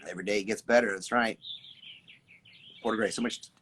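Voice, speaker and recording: A man hosting a casual live stream outdoors, reading viewer comments, greeting people by name and talking in an animated, repetitive way with some swearing. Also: fairly low pitch, fast, a little hiss or hum. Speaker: artist and creative coach hosting a live stream. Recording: birds chirping clearly in the background.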